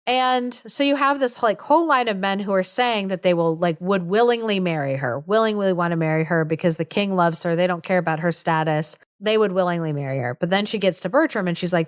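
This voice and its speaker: Chatty young woman with a smooth voice. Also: medium pitch, animated, normal speed. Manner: chatty, full of "like", acts out the characters' lines. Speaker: podcast co-host. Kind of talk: casual retelling of a play.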